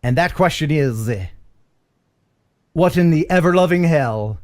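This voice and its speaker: A man's voice: on the high side, expressive, measured pace, darkish tone. A man from the central United States hosting a casual live-stream chat, joking around and laughing often. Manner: jokey, laughs often, ad-libs silly voices.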